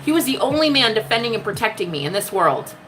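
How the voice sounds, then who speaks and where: A woman's voice: a little high, sing-song, quick pace, fairly bright tone, rough recording. A woman delivering an impassioned spiritual monologue, sassy and emphatic, swearing often and calling the listener "honey". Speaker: spiritual love-reading vlogger. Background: music.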